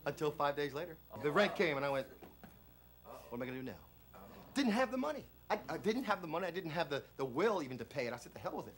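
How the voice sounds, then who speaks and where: An actor playing a flamboyant middle-aged self-help guru on an infomercial, pitching in a repetitive motivational cadence. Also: male voice, big pitch swings, fast, a bit bright. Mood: confessional. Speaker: infomercial host. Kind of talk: film infomercial performance.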